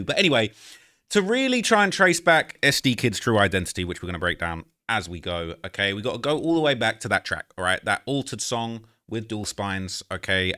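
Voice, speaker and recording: A man's voice: lowish voice, sharp tone, clear, resonant tone. A man in his late twenties hosting a reaction video, talking slangy and chatty and checking in with the listener. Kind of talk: casual commentary.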